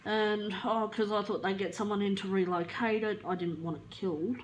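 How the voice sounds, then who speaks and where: A woman with an Australian accent, telling stories in a casual, rambling chat. She is chatty, laughs easily and swears in passing, and she sounds a little flat today. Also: mid-range voice, fairly quick, slight background noise, rough recording. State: feeling flat. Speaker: vlogger.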